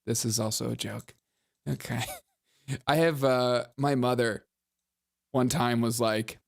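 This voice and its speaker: A man's voice: medium pitch, fairly even intonation, slow pace, vocal fry, pauses often. A man hosting a live-streamed political commentary show, reading headlines and super chats with sarcastic jokes and frequent laughter at his own lines.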